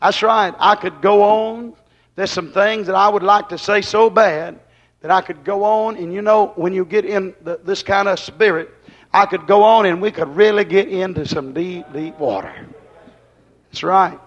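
A man preaching a fervent sermon, emphatic and repetitive, swinging between loud exclamations and hushed asides. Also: high voice, steady tone, normal speed. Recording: dull lo-fi recording.

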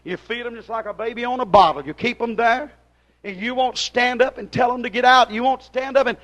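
A man preaching a fiery sermon to his congregation in folksy dialect grammar, hollering at them and then dropping to a hushed plea. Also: very high-pitched, brisk.

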